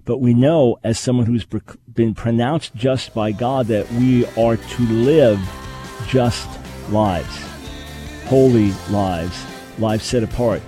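Earnest male radio host, mellow tone. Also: medium pitch, slow pace, soft background music. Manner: earnest, explanatory. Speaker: radio talk show host. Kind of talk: call-in radio talk and teaching.

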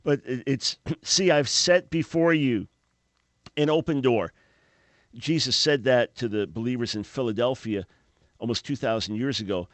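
A man's voice: medium pitch, no echo. A man hosting a religious radio talk show, speaking in an emphatic preaching manner and often repeating words as he starts a phrase.

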